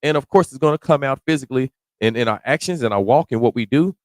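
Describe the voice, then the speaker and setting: A man preaching verse by verse, reading scripture slowly and then explaining it in casual slang, sometimes rising to a shout. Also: mid-range voice, dry recording. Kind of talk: verse-by-verse sermon.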